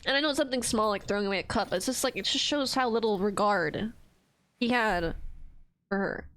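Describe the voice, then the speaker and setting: With a brisk, mid-range, slightly bright voice, a young woman streamer rants to her viewers in casual chat. She swears a lot and trips over her words, restarting often, in a low-quality recording.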